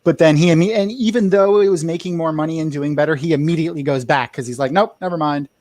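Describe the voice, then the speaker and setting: A man's voice: on the high side, fast talker, darkish tone, dry recording. A man speaking on a casual panel, rambling with many likes and restarts.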